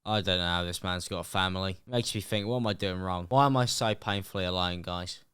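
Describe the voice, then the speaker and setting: Fast-talking sarcastic commentator. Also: male voice, sits low, a bit bright, clear, resonant tone. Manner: sarcastic, exaggerated rants. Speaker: YouTube commentator. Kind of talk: reaction commentary.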